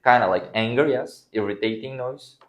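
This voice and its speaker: Here a man whose mother tongue is Uzbek gives a class an English grammar lesson. He speaks in a mid-range voice at a moderate pace. His phrasing is non-native, and he acts out example sentences.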